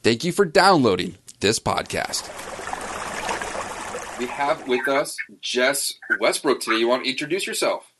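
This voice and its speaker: A man's voice: mid-range voice, lively intonation, unhurried, background noise. A man hosting a podcast, talking over a remote call and asking chatty, friendly questions. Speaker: podcast host. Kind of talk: podcast interview. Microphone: remote call with some feedback.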